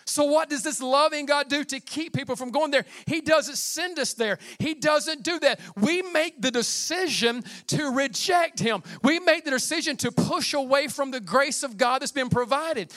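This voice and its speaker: A man preaching a sermon as pastor, passionate and building to shouted climaxes, with casual asides. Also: very high voice, moderate pace, few pauses, no echo.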